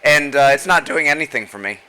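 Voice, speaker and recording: A man's voice: a little high, expressive, fairly quick, bright, forceful tone, slight background noise. A man in casual stream banter, teasing in a mock-serious way with stammering restarts.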